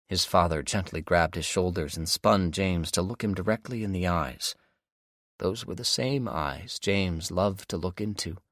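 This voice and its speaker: A man narrating a zombie survival audiobook in a steady, measured way. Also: low voice, no echo, clean studio sound. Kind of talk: scripted narration.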